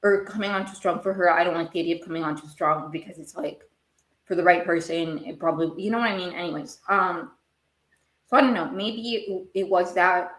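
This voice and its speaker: A woman's voice: lowish voice, fairly quick, fairly bright tone. A woman hosting a podcast, recapping a TV show in a rambling, casual way and getting worked up as she talks. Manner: rambling, gets worked up and emotional. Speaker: podcast host. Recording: echoey room.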